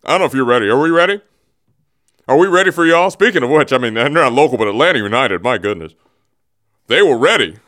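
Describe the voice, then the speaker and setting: A man's voice: medium pitch, lively intonation, quick pace, fairly bright tone. A man hosting a radio show, rambling and joking as he builds up a tease, often restarting his sentences, speaking into a studio microphone. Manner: rambling, jokey, teasing, restarts mid-thought. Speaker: radio host. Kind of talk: casual radio monologue. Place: radio studio, also streamed on camera.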